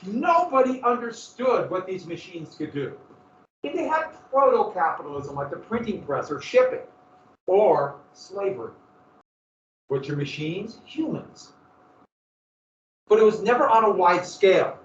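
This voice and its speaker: Male teacher, a touch high-voiced, casual and jokey, lecturing from across a roomy classroom on a dull mic. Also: sing-song, a little slow, long pauses, far from the mic. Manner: casual, joking, digressive storytelling.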